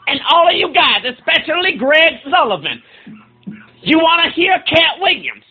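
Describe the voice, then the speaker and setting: A man ranting in a brash, excitable comic style. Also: extremely high pitch, moderate pace, faint music behind. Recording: tinny phone-like sound.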